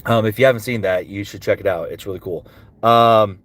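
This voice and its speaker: Brisk and a bit bright, this male voice actor's lowish voice carries a casual livestream Q&A. He answers fan questions and drops into character impressions between them.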